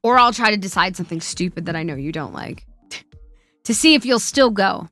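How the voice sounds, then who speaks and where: A woman's voice: medium pitch, animated, fairly quick, pushed and bright, no echo, faint music behind. A woman hosting a live stream, chatting casually, laughing often and swearing freely. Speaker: streamer host. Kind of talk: casual chat.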